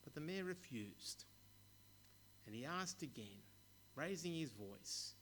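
A man preaching a sermon, telling stories in a measured way with occasional stumbles. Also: medium pitch, animated, a bit bright, a little hiss or hum. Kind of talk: sermon with storytelling.

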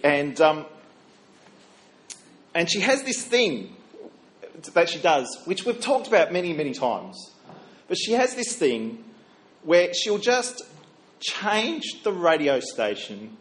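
A middle-aged man, a minister, preaching a sermon in a chatty storytelling way, with fillers and self-corrections. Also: mid-range voice.

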